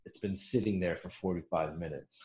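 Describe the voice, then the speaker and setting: A man with a lowish voice tells a service story in a loose, profane, laughing way, slipping into the voices of the people he quotes. The sound is roomy and somewhat dull, like a lo-fi room recording. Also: brisk, a little mellow. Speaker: military veteran storyteller. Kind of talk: casual storytelling.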